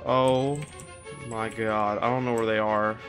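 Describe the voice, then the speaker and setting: A man giving frantic commentary while playing a horror game, swearing and shouting at what chases him. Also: on the low side, level tone, measured pace, faint music behind. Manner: panicky, swearing, yelling at enemies. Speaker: gaming video creator.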